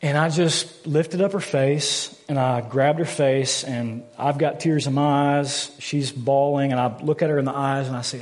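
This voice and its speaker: A man's voice: mid-range voice, steady tone, measured pace. A man in his thirties preaching a sermon, earnest and candid, often repeating words as he stresses a point. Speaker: pastor. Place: church sanctuary. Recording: long hall reverb from a church.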